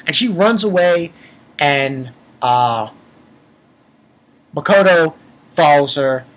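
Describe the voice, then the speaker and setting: A man's voice: a little high, a little slow, long pauses, a bit bright. A man giving a casual spoken review of an episode. He rambles, swears freely and often restarts his sentences. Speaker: anime reviewer.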